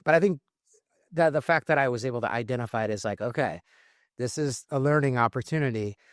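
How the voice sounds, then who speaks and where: A man's voice: medium pitch, quick pace, no room sound. A man in the middle of the male range hosts a podcast conversation. He speaks candidly and loosely, with frequent restarts and fillers as he works through his thoughts. The sound is close and dry. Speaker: podcast host. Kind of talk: casual conversational podcast talk.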